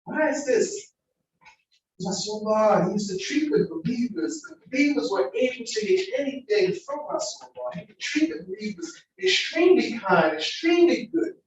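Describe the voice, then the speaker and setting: A man's voice: very high-pitched, very animated, moderate pace, highs cut off. A man giving an informal sermon in a mosque hall, preaching in a casual, slangy way and acting out everyday dialogue. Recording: echoey hall, distant mic, faint noise.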